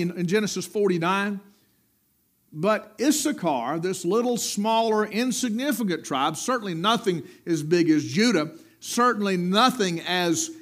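High-pitched middle-aged guy preaching, big emphatic swells then drops low. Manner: preaching cadence, rising emphatic peaks and low dropped endings. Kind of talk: sermon.

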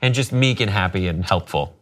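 A man's voice: low-pitched, lively intonation, fairly quick, slight background noise. A man co-hosting a news talk show, teasing and making wry jokes. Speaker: co-host. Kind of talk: casual news chat.

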